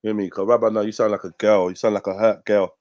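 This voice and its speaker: A man's voice: fairly low pitch, flat delivery, very fast, a little mellow, no room sound, muffled recording. Blunt, swearing man. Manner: blunt, profane, streetwise slang. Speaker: host of a live news talk stream. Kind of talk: casual livestream rant.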